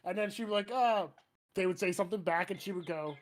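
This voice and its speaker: High-voiced man telling rambling stories. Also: fast. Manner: laughing, swearing, rambling storyteller. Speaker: podcast co-host. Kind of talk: casual drunk chat.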